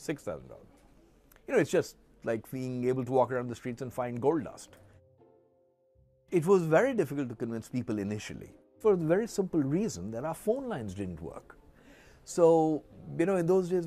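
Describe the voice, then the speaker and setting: An older Indian man with an Indian English accent, recalling his business past in an interview with lively, chuckling storytelling. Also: medium pitch. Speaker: entrepreneur. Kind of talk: documentary interview recollection.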